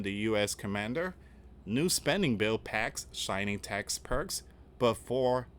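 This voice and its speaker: A man's voice: lowish voice, a bit bright, a little hiss or hum. A man hosting an online news channel, talking casually to viewers in a rambling, repetitive way. He reads news items aloud and reacts with rhetorical questions. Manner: rambling, repetitive, often restarting with "again" and "guys". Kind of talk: casual political commentary to viewers.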